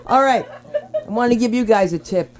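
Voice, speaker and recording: A woman's voice: a little high, brisk, noisy background. A woman hosting an open mic in a small comedy club, introducing acts and telling brassy, bawdy jokes between laughs. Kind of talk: stand-up emceeing.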